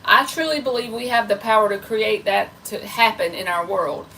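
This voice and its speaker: A woman's voice: medium pitch, moderate pace, sharp tone, far from the mic, a little hiss or hum, poor audio. A woman giving a live tarot reading in a chatty, playful way. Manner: chatty and playful, self-described goofy. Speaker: tarot reader.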